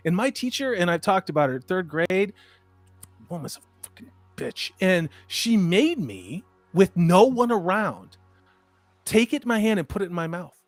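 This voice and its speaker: A man in his fifties chatting casually as a stream host, an animated storyteller who swings between loud and soft. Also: high voice, moderate pace, no echo, faint music behind. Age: 50s. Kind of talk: casual chat.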